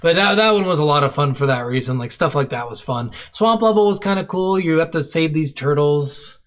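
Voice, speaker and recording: A man's voice: fairly high pitch, expressive, fairly quick, a bit bright. Blunt, swearing podcast guy. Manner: blunt, swears freely, acts out game moments. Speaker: podcast co-host. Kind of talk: casual chat.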